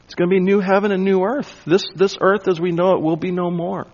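A man preaching an expository sermon, emphatic and dropping to a hush on key points. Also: sits high, little pitch movement, fairly quick, highs cut off. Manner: emphatic, drops to a hush for weight. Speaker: pastor.

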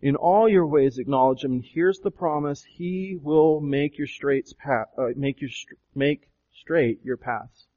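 A pastor preaching a sermon, questioning his listeners again and again, swelling with emphasis and slowing to draw out key phrases. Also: a little high, dark tone. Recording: dull lo-fi recording.

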